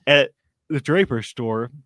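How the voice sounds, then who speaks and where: A man co-hosting a casual gaming podcast, animated and jokey, swearing casually and reading ads and news with energy. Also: mid-range voice, slow, dry recording. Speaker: podcast co-host.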